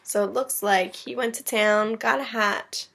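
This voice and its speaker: Creaky-voiced teacher reading a picture book. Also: female voice, a little high, a little hiss or hum. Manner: expressive, pauses to comment for young listeners. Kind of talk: children's read-aloud with chatty asides.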